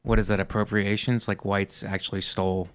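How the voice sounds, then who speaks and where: A man's voice: fairly low pitch, flat delivery, a little fast. A man in his forties from Ohio, a comedian guest telling rambling stories in casual podcast chat and often laughing. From Ohio, USA.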